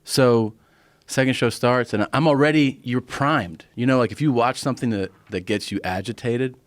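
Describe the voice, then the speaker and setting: A man telling a profane, animated story in a casual podcast chat. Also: medium pitch, moderate pace, no echo, studio quality. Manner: animated storytelling, profane, acts out other people's lines. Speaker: stand-up comedian and podcast guest.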